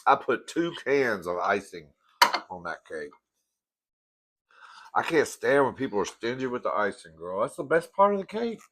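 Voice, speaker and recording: A man chats casually through a meal, campy and familiar, calling everyone "girl." His pitch sits mid-range for a man but swoops freely up and down. He trails off, laughs, and picks the thread back up between bites. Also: very animated, moderate pace, long pauses, a bit bright, slight background noise. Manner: chatty and campy, calls viewers "girl", eats between sentences. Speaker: mukbang host. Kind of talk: casual eating-show chat to camera.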